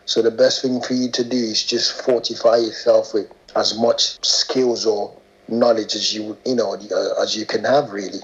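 A man's voice: lowish voice, flat delivery, moderate pace. A man co-hosting a podcast, slangy and swearing in casual banter. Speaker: podcast co-host. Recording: dull lo-fi podcast sound.

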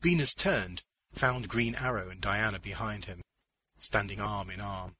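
A man narrating a short story in a measured, deliberate audiobook reading on a close mic. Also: fairly low pitch, pushed and bright, slightly rough, poor audio. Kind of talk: scripted audiobook narration of fiction.

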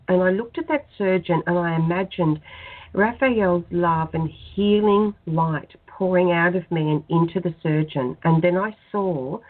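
A woman guest in a spiritual radio interview, telling her personal story in an earnest, soft-spoken way. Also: fairly low pitch. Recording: tinny phone-line sound.

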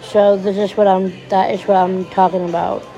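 A woman talking in a personal podcast monologue, halting and repeating herself, her voice breaking and teary. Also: medium pitch, level tone, warm tone, soft background music, low-quality recording.

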